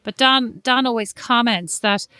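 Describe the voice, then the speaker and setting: A woman's voice: a little high, measured pace, pushed and bright, clean tone, dry recording, studio quality. A woman with an Irish accent co-hosting a podcast, teasing and mock-judging her sister. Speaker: podcast co-host. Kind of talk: casual chat.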